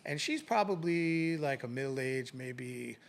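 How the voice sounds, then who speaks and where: A man's voice: mid-range voice, takes it slowly, vocal fry. A middle-aged man, a retired police sergeant, casually telling a story in an interview and acting out the voices of the people in it. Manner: animated anecdote telling, acting out quoted voices.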